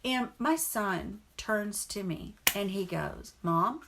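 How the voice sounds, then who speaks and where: A woman's voice: mid-range voice, animated, slow pace, gravelly, background noise. A middle-aged woman and mother, chatting to camera in a rambling, earnest storytelling vlog. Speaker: vlogger and mother.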